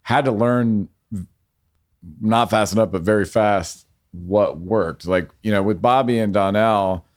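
Low-voiced reflective male guest. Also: a little slow. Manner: reflective, searches for words. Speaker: podcast guest, filmmaker. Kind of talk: casual podcast chat.

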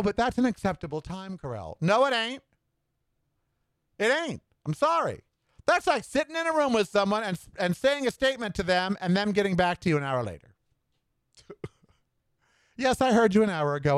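A man's voice: sits high, clean tone, no echo. A middle-aged man hosting a solo podcast, ranting in an indignant, sarcastic way. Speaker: podcast host. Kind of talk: solo opinion rant.

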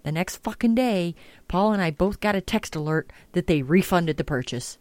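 A woman's voice: on the low side, animated, normal speed, darkish tone, dry recording. A woman hosting a podcast, chatting casually and ranting with lots of swearing. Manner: profane, ranting, exasperated. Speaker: podcast host. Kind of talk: casual chat.

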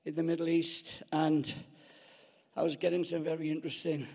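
Gravelly older preacher telling jokes. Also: male voice, a little high, moderate pace. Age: 70s. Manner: jokey, self-mocking, lively anecdotes. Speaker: guest preacher. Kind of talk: sermon with comic storytelling. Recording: long hall reverb.

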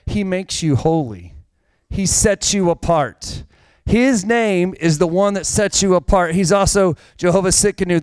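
A male pastor preaches in an easy, conversational way and often turns to the congregation with questions. His voice is smooth and clear and sits a bit high. The sound is dry, with no room echo. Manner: conversational, direct address to congregation. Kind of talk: sermon.

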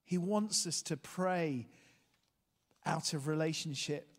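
A man preaching a sermon, telling a story with lively energy and asking his listeners questions. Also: fairly high pitch, takes it slowly. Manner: animated storytelling, asks the room questions. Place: church hall. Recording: long hall reverb.

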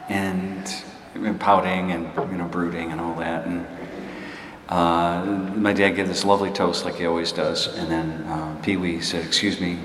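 A man preaching a sermon, telling a personal story in a halting, conversational, self-deprecating way with many restarts. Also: sits low, little pitch movement, a bit bright. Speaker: pastor. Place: church hall before a laughing congregation. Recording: echoey hall, distant room noise.

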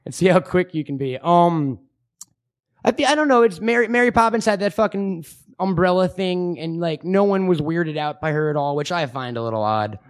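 A man's voice: high voice, expressive, normal speed. A young man co-hosting a podcast, rambling and mocking in crude, swear-filled comic chat. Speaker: podcast co-host.

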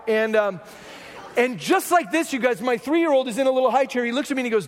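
High-voiced pastor joking through a sermon. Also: male voice, quick pace, in a large hall. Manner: self-deprecating storytelling with jokes.

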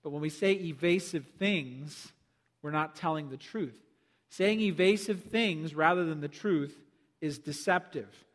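Male pastor, high voice, animated sermon delivery, long reverb. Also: a little slow. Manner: animated, acts out quoted voices.

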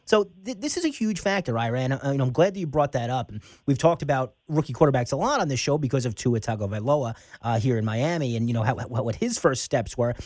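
A man co-hosting sports radio, upbeat and animated as he moves the show along. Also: mid-range voice, fast, few pauses, dry recording.

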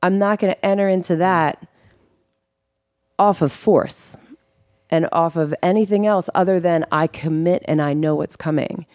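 A woman with a lowish, slightly mellow voice speaks in a dry, clean studio recording. As a podcast guest host, she candidly recounts her life story, earnest and emotional, with frequent quick self-corrections and restarts.

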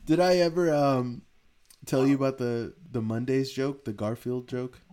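A man's voice: medium pitch, steady tone, moderate pace, mellow. A young man co-hosting a casual chat, rambling through a story with frequent swearing and laughter. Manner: rambling, profane, laughs often.

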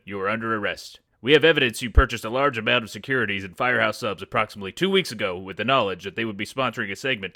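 A man's voice: lowish voice, sharp tone, dry recording, studio quality. A man playing a stern FBI agent reading out an arrest in a formal, clipped manner. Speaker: comedy performer.

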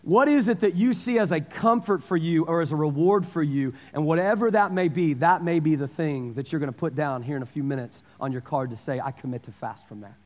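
Pastor in his forties, lighter-pitched male voice, chatty story-led sermon, big hall with long reverb. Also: brisk, hardly any pauses. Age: 40s. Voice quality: conversational storytelling, repeats phrases for emphasis.

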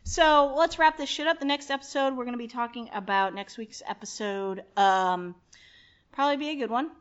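A podcast host chats casually in a brash, joking, profane manner. Her voice is a little high and smooth at a moderate pace, heard through dull lo-fi podcast audio.

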